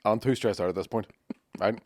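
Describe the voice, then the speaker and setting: A young man telling a comic story on a podcast, sweary and animated, checking in with his listener constantly. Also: lowish voice, fast talker, no echo. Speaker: podcast co-host.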